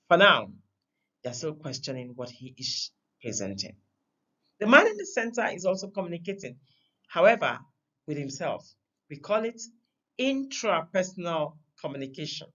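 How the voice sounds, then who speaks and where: The recording is muffled as a woman leads a communication lesson. She stresses her words forcefully, using sudden shifts in pitch and volume.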